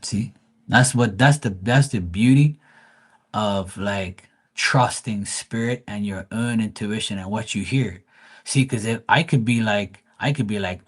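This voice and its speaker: A man's voice: lowish voice, a little slow, slightly rough. A man, a psychic tarot reader on a livestream, telling a story in a loose, profane, rambling way with many restarts. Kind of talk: casual storytelling.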